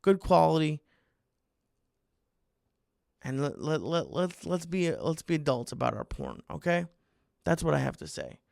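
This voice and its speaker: Gravelly, rambling comedian. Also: male voice, fairly high pitch, lively intonation, unhurried, pauses often, a little mellow, no echo, studio quality. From United States. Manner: rambling and self-interrupting, mock-exasperated. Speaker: comedian podcast host. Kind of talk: comic monologue.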